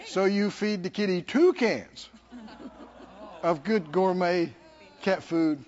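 A man's voice: sits high, takes it slowly, highs cut off. A man preaching a sermon, telling stories, repeating words for emphasis and asking the congregation "Hmm?". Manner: lively storytelling, asks the congregation "Hmm?".

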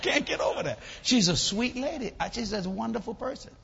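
Animated preacher man. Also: very high-pitched, a little fast, gravelly, husky. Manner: animated, laughing, folksy storyteller. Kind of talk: humorous storytelling sermon. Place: church sanctuary. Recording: echoey church hall, slightly dull.

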